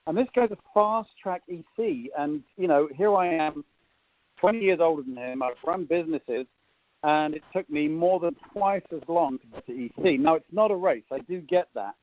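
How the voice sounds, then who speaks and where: A man in his fifties with an English accent hosts a team conference call, teasing and rambling with plenty of ums and uhs. His voice sits a bit high for a man. The sound is muffled and dry, like a phone line. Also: animated, normal speed, dry recording. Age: 50s. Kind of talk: casual chat, jokey introduction.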